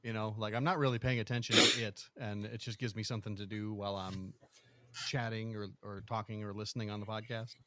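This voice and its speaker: A man co-hosting a casual live podcast, speaking in a dry, deadpan way that can sound sarcastic. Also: on the low side, a little fast, slight background noise. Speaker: podcast co-host.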